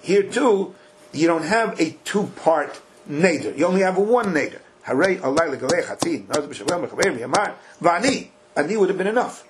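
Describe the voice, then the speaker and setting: A man's voice: a little high, lively intonation, fairly quick, noisy background. A man teaching a Talmud class. He reads the text in a chant, explains it in casual English and drives points home with rhetorical questions.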